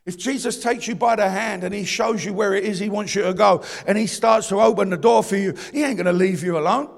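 High-pitched, street-slang London preacher, fervent, booming in a big hall. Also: male voice, fairly quick, creaky. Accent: London English. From East London, England. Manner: impassioned, swings from shouting to low confiding talk. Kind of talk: sermon. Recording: long reverb of a large hall.

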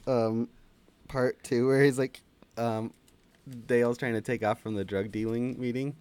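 A man's voice: mid-range voice, steady tone, a little slow, darkish tone, clean tone, dry recording. A man co-hosting a film podcast in casual chat, laughing often and quoting movie lines in funny voices. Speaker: podcast co-host.

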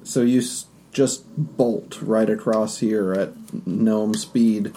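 A man narrating as game master of a tabletop game, describing scenes loosely with fillers and quick asides. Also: on the low side, fairly even intonation, noisy background.

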